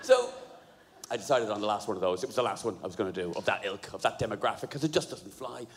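A man doing a stand-up comedy set, sweary and animated, laughing at his own jokes. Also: fairly low pitch, fast. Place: live comedy venue. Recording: live venue, roomy hall echo, crowd noise.

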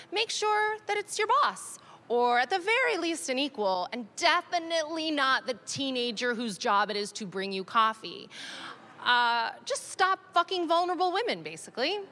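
A Canadian woman in her thirties telling a stand-up story, animated and self-mocking, swinging between dry asides and excited outbursts. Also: high-pitched, normal speed. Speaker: stand-up comedian.

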